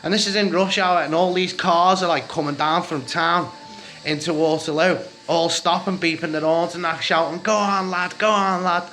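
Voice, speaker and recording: A man's voice: on the high side, fairly even intonation, normal speed, pushed and bright. A man in his forties with a Scouse accent, telling a rambling, heated story from his own life in a casual vlog, swearing freely and often. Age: 40s.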